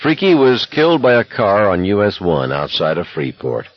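A man giving scripted audiobook narration in a measured, somber storytelling manner. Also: lowish voice, huge pitch swings, dull audio.

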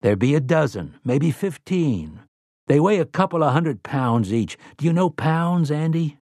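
A man's voice: on the high side, very animated, measured pace, darkish tone, no echo, clean studio sound, voice pushed up. A man voicing a sly, easygoing man who talks in a breezy, conspiratorial, folksy way.

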